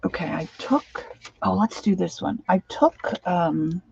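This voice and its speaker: Drowsy, gravelly woman rambling over crafts. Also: on the low side, expressive, measured pace, darkish tone, a little hiss or hum. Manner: rambling, sings and hums to herself while working. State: sleep-deprived. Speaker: crafting vlogger. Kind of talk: casual crafting chat. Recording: dull lo-fi home recording.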